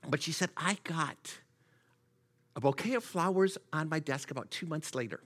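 A church speaker for the Gideons addresses a congregation in a sermon full of storytelling. His voice sits on the high side at a moderate pace, and he often repeats words when he gets excited.

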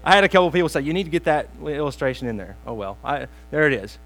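A man's voice: a little high, big pitch swings, a bit bright, low-quality recording. Man preaching a sermon over hum. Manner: storytelling with pauses, self-deprecating asides. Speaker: pastor.

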